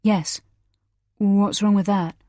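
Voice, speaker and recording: A woman's voice: medium pitch, steady tone, slow pace, darkish tone, dry recording, clean studio sound, natural voice. Eager, placating young husband, as a woman reads him. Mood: strained patience. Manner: hopeful, pleading.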